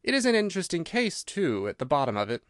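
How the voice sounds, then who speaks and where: A man reading an audiobook, voicing a cool, incisive detective who reasons in a crisp, assured way. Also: a little high, huge pitch swings, quick pace, no room sound, studio quality, voice pushed up. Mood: explaining.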